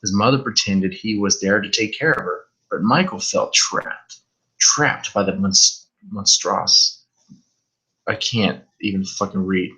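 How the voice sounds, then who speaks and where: A man's voice: lowish voice, measured pace, sharp tone, poor audio. A man reading a horror story aloud on a live stream, stumbling over words now and then and swearing in asides.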